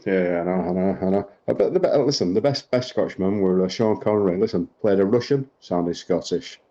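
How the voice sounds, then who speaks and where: A man's voice: deep voice, brisk, warm tone, muffled recording. A man chatting casually during a game over voice chat, bantering, repeating himself and swearing. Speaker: gamer on voice chat. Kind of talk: casual chat while gaming.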